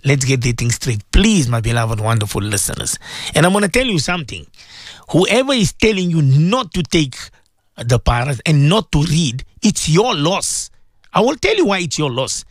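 Man preaching on the radio, kinda high voice, begging listeners, dry close mic. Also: big pitch swings, normal speed, no room sound. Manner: impassioned, pleading, repeats himself. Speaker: radio presenter and Islamic teacher.

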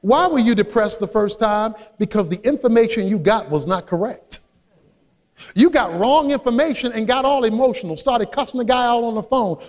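Pastor guy with a really high voice, preaching hard, goes quiet then shouts. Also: lively intonation, normal speed, big-room sound. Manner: emphatic preaching, swinging between soft asides and shouted peaks. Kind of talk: sermon.

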